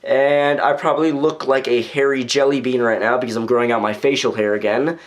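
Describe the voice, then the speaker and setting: A man's voice: mid-range voice, fairly even intonation, a little fast. A young man from the United States rambling casually in his own video blog, with loose phrasing and lots of fillers. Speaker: vlogger. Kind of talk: casual vlog commentary.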